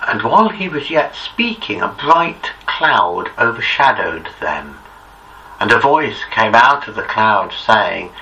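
Slow, reverent male scripture reader. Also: lowish voice, big pitch swings, sharp tone. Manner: slow, measured, reverent reading. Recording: distant muffled recording, faint hiss.

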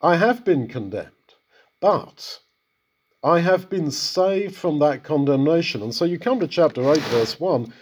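A man's voice: a little high, expressive, a little slow, husky. A man giving a conversational Bible exposition, talking through a passage and putting rhetorical questions to his listeners. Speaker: Bible teacher.

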